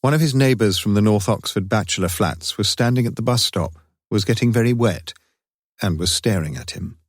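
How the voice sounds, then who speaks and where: A man reading a crime story aloud in measured, even storytelling narration. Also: on the low side, no echo, clean studio sound. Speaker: audiobook narrator. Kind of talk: scripted narration.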